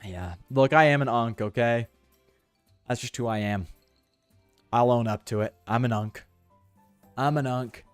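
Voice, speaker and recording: A man's voice: medium pitch, a little slow, pauses often, clear, resonant tone, dry recording, faint music behind. A man streaming a game, joking and self-mocking in slangy, casual commentary. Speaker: gaming streamer.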